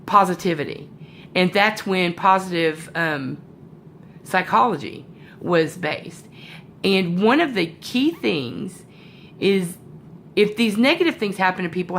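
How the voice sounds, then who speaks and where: A woman's voice: fairly low pitch, a bit bright, a little hiss or hum. A woman with a sore throat giving a casual motivational talk to her sales team from home, rambling with fillers and self-corrections.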